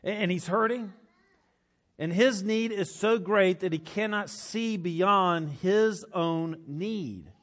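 Male pastor, sermon delivery, emphatic with repeated phrases, slightly higher voice. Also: slow pace, a bit bright. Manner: emphatic, repeats phrases for effect, laughs often.

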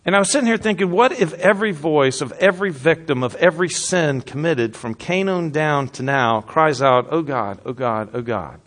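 A man preaching a sermon in an earnest way, rising to loud emphasis and then dropping to a hushed, quiet voice. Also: fairly high pitch, animated, moderate pace, few pauses. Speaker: pastor.

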